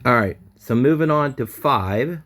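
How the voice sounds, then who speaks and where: A man learning a language in an online lesson. He thinks out loud and repeats words as he practices them. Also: mid-range voice, expressive, unhurried. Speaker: language student.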